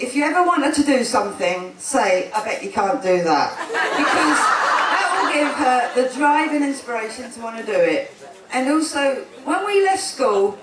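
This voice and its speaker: A woman's voice: high voice, slight background noise. A woman, the twin sister of one bride, giving a chatty wedding speech, laughing often and breaking off mid-sentence. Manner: chatty, laughing, self-interrupting. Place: wedding gathering indoors. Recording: echoey room, speaker far from the mic.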